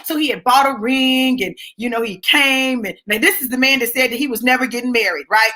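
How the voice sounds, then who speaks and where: A woman talking straight to her viewers in a casual storytelling monologue, swinging from low asides to high exclamations and checking in with "right?". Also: brisk, few pauses, bright, forceful tone. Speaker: vlogger.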